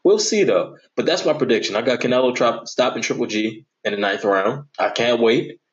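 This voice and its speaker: A man with an average-pitched voice hosts a casual solo sports podcast. He talks in a chatty, animated way and jokes as he gives his picks. The recording sounds a little dull and lo-fi. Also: fairly quick.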